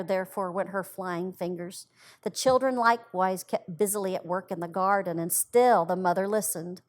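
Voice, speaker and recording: A woman reads a story aloud in an expressive, gentle storybook voice. Her pitch sits in a middle range for a woman, with even pacing through long sentences. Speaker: library storyteller.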